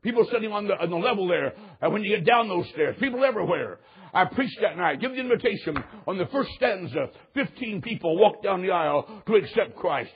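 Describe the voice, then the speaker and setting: A man preaching a sermon, telling a story in an animated way that swings from loud outbursts to hushed moments. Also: high voice, brisk, slightly rough, lo-fi sound.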